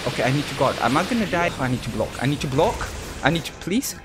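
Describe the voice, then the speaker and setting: Woman, let's play commentary, excitable, giggly, swears a lot, very lively pitch. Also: fast talker. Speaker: gamer. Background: game music.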